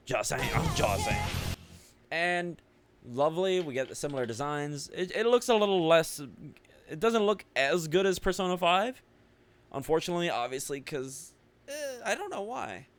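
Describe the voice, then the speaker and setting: A man's voice: a little high, no echo. Rambling man commenting on a game. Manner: rambling, musing aloud with loose fillers; offhand swearing. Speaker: gaming video creator.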